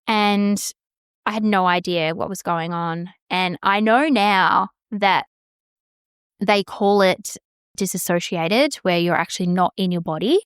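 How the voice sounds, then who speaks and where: A woman's voice: on the low side, steady tone, unhurried, clear, resonant tone, dry recording, clean studio sound. A woman, hosting a podcast and frankly telling a personal story, swearing freely and acting out the exchanges she remembers. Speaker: podcast host.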